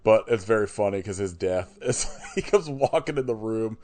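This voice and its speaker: A man's voice: fairly low pitch, expressive, normal speed, a little mellow. A man co-hosting a podcast, chatting casually about horror movies, swearing freely and laughing often. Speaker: podcast co-host. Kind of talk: casual chat.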